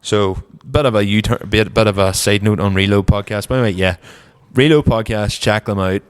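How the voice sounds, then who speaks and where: A young man with a Northern Irish accent co-hosting a casual car podcast, rambling in a relaxed way, trailing off softly, and feeling cold. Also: fairly low pitch, moderate pace, clear, resonant tone. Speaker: podcast co-host. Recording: long reverb.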